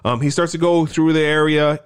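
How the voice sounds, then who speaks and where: Man, slightly high voice, loose profane film recap. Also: steady tone, fairly quick, smooth. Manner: loose, profane, rambling storytelling. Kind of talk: casual movie recap.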